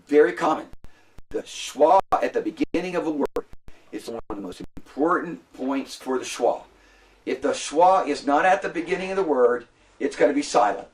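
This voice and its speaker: A man's voice: mid-range voice, far from the mic. A man lecturing a classroom as a Hebrew instructor, patient and repetitive, often prompting the students to answer.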